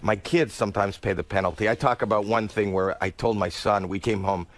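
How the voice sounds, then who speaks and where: A male comedian telling a comic story, dropping his voice low for quoted lines and squealing when excited. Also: fairly quick. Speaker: guest comedian.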